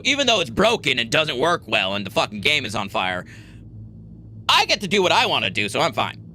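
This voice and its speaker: A man's voice: mid-range voice, bright, forceful tone, slight background noise. An American man streaming a space game, chatting casually and joking with heavy swearing. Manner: profane, joking banter. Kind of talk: casual gameplay chat.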